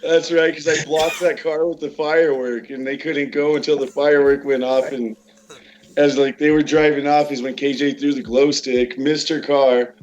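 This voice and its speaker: A man's voice: fairly high pitch, flat delivery, moderate pace, darkish tone, muffled recording. Rowdy laughing man telling a story. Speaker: podcast regular. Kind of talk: casual storytelling chat.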